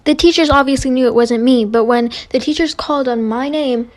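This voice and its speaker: A young woman tells a dramatic storytime at a rapid clip, slipping into the voices of the people she quotes. Her voice sits a little high, and the close microphone sounds dry with no room around it. The delivery stays chatty and animated throughout. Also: no room sound. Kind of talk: fast storytime narration.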